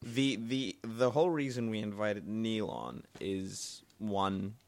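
A man's voice: lowish voice, slow pace, gravelly. A man hosting a live podcast in casual chat, rambling with many fillers. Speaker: podcast host. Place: bookstore, live event.

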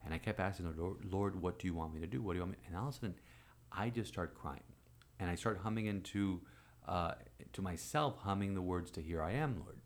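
A priest in his forties telling a personal story in conversation, animated and acting out quoted voices. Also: low voice, a little fast. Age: 40s.

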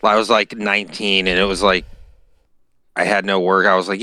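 A man's voice: deep voice, level tone, moderate pace, sharp tone, no room sound. A man from Florida telling stories in casual chat, rambling, swearing and laughing mid-sentence.

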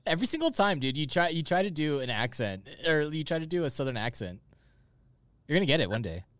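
Male podcast host, upbeat and animated, higher voice. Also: quick pace, dry recording. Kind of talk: casual podcast chat.

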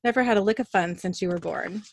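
A woman's voice: medium pitch, fast, slight background noise, close to an everyday voice. A woman reading as a sneering female demon. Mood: taunting. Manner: sneering, mocking. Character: taunting demon possessing a woman.

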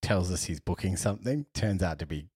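Husky low-voiced man telling stories. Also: fairly quick, dry recording, studio quality. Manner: animated storyteller, laughs often, acts out quotes. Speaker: podcast co-host. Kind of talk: casual storytelling chat.

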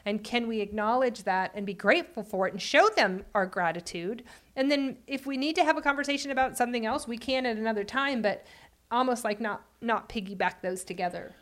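Woman podcast co-host, slightly high voice, animated, explanatory. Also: fairly quick. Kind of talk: conversational relationship advice.

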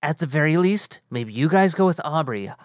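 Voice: medium pitch, lively intonation, normal speed, dry recording. Cautious reasoning player, mid voice, dry sound. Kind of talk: in-character tabletop play.

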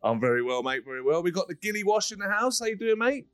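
A man's voice: high voice, very animated, fast talker, dry recording, faint music behind, poor audio. Upbeat man hosting a podcast. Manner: upbeat, jokey, rambling banter. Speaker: podcast host. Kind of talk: casual podcast chat.

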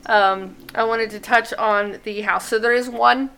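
A woman with a fairly high, very bright voice and an eager, chatty way of talking. She co-hosts a podcast in casual conversation. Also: steady tone, measured pace, vocal fry, smooth. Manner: eager, chatty fan talk. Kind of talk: casual chat.

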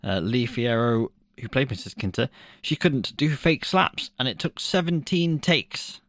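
A man's voice: medium pitch, lively intonation, measured pace, fairly bright tone, no echo, studio quality. A man co-hosting a podcast in casual chat, laughing often and swearing loosely. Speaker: podcast co-host.

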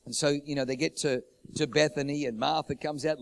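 A man's voice: a little high, steady tone, fairly quick, vocal fry. A man preaching a sermon, repeating his phrases for emphasis and building urgency.

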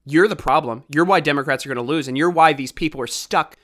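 Male podcast host from Baltimore, heated ranting commentary, bright and sharp voice. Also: a little high, quick pace. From Baltimore, USA. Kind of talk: opinionated political commentary.

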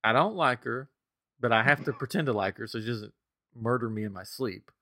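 A middle-aged man on a podcast, telling a funny home story in a casual, animated way and laughing often. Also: medium pitch, brisk, no echo, clean studio sound. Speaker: podcast co-host.

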